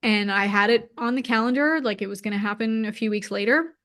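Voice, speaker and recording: Here a woman in her thirties talks fairly quickly in a medium, slightly bright voice. Appearing as an interview guest, she relates a personal story with emotion and candor, filling it with "like."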